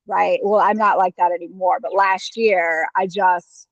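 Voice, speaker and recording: A woman's voice: fairly low pitch, fairly even intonation, measured pace, dry recording. Chatty, candid woman on a dull line. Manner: chatty, candid, full of "like" and "you know". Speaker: guest having her chart read. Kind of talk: casual personal talk. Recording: slightly dull, lo-fi sound.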